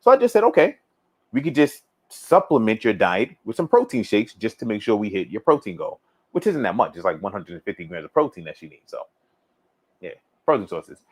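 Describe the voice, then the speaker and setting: A man's voice: on the low side, a little fast, slightly rough. Laid-back man chatting on a livestream. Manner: relaxed, rambling, repeats himself, laughs often. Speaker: fitness coach livestream host. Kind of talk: casual livestream chat reading viewer comments.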